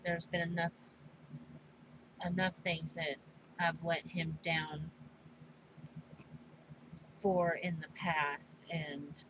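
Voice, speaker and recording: A middle-aged mother chatting casually while crafting, slow and halting, speaking with emotion. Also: sits low, level tone, noisy background. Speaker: crafting vlogger.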